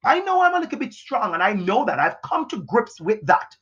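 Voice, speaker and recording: A man giving an unscripted motivational talk from his house, emphatic and repetitive, pushing hard and sometimes shouting. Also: high-pitched, big pitch swings, brisk, breathy edge, dull audio. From Jamaica. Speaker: motivational educator. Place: house, indoors.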